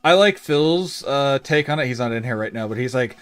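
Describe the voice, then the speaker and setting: A man's voice: mid-range voice, lively intonation, a little fast, a bit bright, clean tone, soft background music. A young man chatting casually on a livestream as he plays a retro game, reading bits of the game text aloud. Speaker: streamer playing a retro game.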